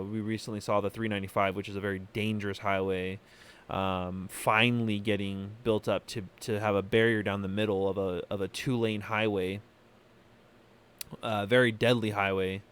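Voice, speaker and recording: Smooth low-voiced man giving opinions. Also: flat delivery. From California. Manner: halting, many fillers and restarts. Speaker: podcast host. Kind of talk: opinionated solo commentary.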